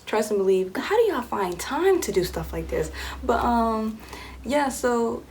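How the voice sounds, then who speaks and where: A woman's voice: a little high, unhurried, slight background noise. A young woman vlogger telling a personal dating story in a casual, chatty way, acting out what people said. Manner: chatty, animated, acts out quoted voices.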